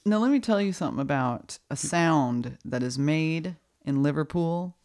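A woman's voice: low voice, expressive, normal speed, a little mellow. Chatty middle-aged woman podcast host. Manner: chatty, laughing, playful imitations. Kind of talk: casual chat.

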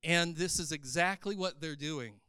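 A man preaching an animated sermon in a church service, building to loud, emphatic passages. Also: on the high side, unhurried, smooth, no room sound, studio quality. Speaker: pastor.

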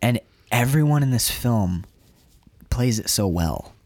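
Here a medium-pitched man talks a little slowly, co-hosting a podcast in which he reviews a film. The conversation is casual; he's emotional and animated, swears freely, and keeps restarting his thoughts. The recording is dry.

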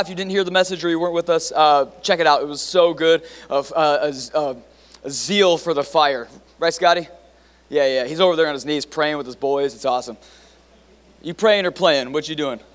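Excitable preacher man in a reverberant hall. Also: a little high. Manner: energetic, excitable preaching with casual fillers. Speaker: pastor. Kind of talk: sermon. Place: large church hall.

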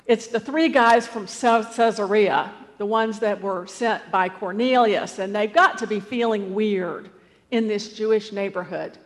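A woman's voice: medium pitch, unhurried. A woman preacher retelling a scripture story in a conversational way, with asides and fillers. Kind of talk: storytelling sermon. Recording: long hall reverb.

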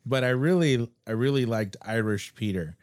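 A man hosting a podcast, chatting casually and telling halting, rambling stories. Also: medium pitch, no room sound. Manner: rambling, halting storyteller with restarts. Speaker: podcast host. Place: Seattle.

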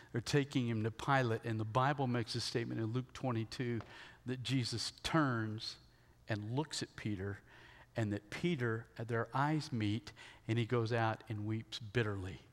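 A male pastor preaching a sermon, retelling a story emphatically and checking in with the congregation with quick rhetorical questions, in a large hall. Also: medium pitch. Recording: long hall reverb.

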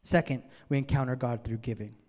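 A man preaching a sermon as a pastor in a church, swinging from loud emphatic bursts to near-whispers. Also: medium pitch, steady tone, a little fast. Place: church sanctuary. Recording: long church-hall reverb.

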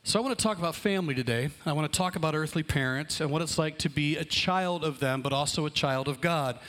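A man, a pastor and father, preaching a relaxed, conversational sermon to his congregation. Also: on the high side, fast, a little hiss or hum. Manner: conversational, explaining plans aloud. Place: church hall with congregation.

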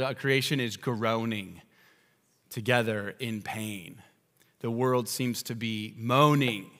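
Impassioned pastor preaching in a reverberant church. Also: male voice, medium pitch. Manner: storytelling, building to loud passionate peaks. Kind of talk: sermon. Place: church sanctuary.

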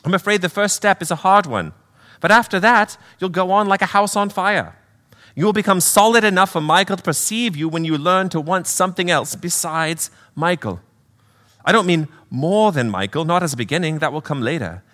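A man's voice: high-pitched, normal speed, big-room sound, pitched above the performer's own voice. A man doing a patient, kindly British spirit. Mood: gentle. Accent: British, put on. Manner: gentle, patient, explaining.

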